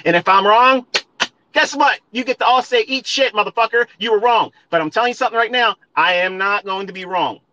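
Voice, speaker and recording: A man's voice: sits high, fairly quick, bright, forceful tone, no echo, dull audio. A man ranting at listeners on a live audio stream, profane and emphatic, repeating his points and calling them folks. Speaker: trading educator.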